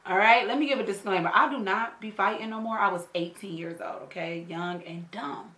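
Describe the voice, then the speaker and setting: A woman's voice: medium pitch, a little fast, sharp tone. Emphatic, slangy woman in her thirties telling a story. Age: 30s. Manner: emphatic storyteller, tags lines with "okay?"; blunt, salty slang and swearing. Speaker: beauty vlogger. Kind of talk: storytime chat while doing makeup. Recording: roomy echo.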